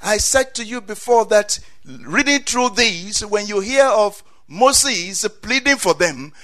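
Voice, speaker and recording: A man preaching a passionate sermon in a noticeably high voice. He says amen again and again and circles back over his own phrases. His delivery climbs toward loud, emphatic peaks. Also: animated, takes it slowly.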